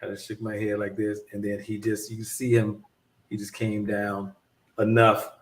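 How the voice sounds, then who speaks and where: A man's voice: fairly low pitch, completely flat delivery, normal speed. Guy rambling through a story, lots of restarts, roomy echo, mic kinda far off. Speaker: podcast co-host. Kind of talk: casual storytelling.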